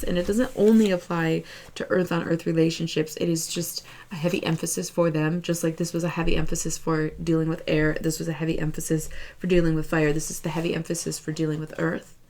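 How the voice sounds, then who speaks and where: A woman giving a casual tarot reading to her viewers, chatty and encouraging, often checking in with "okay?" and "right?", slowing down to stress her advice. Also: on the low side, level tone, a little mellow. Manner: slow, emphatic encouragement. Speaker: tarot reader.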